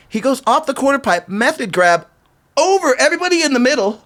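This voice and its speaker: A man in his fifties with a fairly high voice that leaps up and down as he tells stories. He slips into the voices of the people he quotes and scatters "like" all through his casual interview talk. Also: a little fast. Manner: animated, acts out quoted voices, filler-heavy "like". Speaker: podcast guest, veteran pro skateboarder.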